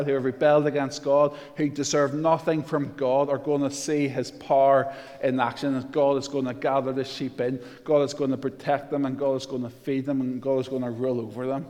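A male preacher delivering a sermon in a fairly flat, level pitch. He reads scripture slowly and with weight. His voice carries a long reverb, like a church hall. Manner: slow, emphatic scripture reading with rising intensity.

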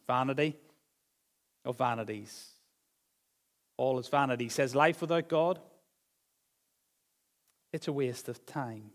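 A man preaching a sermon as pastor, moving between raised, emphatic phrases and quiet, low asides. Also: long reverb tail.

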